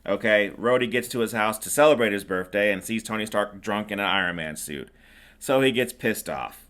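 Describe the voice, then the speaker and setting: Middle-aged male podcast host, low-pitched and bright, rambling sarcastic recaps. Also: moderate pace. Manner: rambling, sarcastic, many fillers. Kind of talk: casual movie recap chat.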